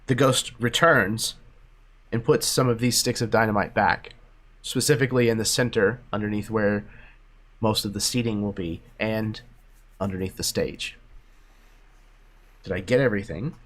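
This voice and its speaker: A man's voice: fairly low pitch, a little slow, long pauses, a bit bright. A man acting as game master, narrating events of a tabletop game in a casual, loose way.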